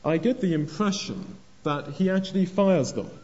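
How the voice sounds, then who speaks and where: A man's voice: high voice, lively intonation, darkish tone. Older guy preaching, stumbles and repeats himself, dull lo-fi tape. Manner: halting, repeats words, acts out quoted voices. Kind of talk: sermon. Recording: dull lo-fi recording.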